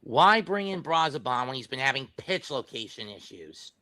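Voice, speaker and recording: A man's voice: mid-range voice, very animated, moderate pace, pushed and bright. A man co-hosting a postgame show, giving blunt, critical analysis.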